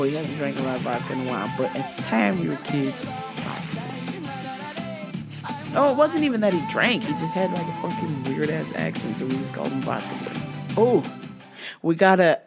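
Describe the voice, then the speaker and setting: A woman hosting a comic vlog, telling customer stories in a profane, animated way. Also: fairly low pitch. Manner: animated, profane, laughing, quick asides. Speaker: host.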